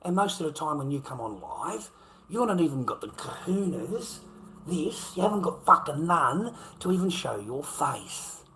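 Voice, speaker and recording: An Australian man ranting on a livestream, swearing constantly and swinging between low muttering and loud outbursts. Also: big pitch swings, normal speed, slight background noise, rough recording. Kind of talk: profane livestream rant.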